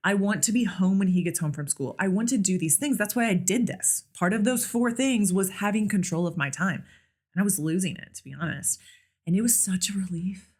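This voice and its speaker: A woman's voice: medium pitch, slightly rough. A woman guesting on a podcast, talking candidly and casually, with lots of fillers. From United States. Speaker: podcast guest, nurse practitioner and clinic owner. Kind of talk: casual interview chat.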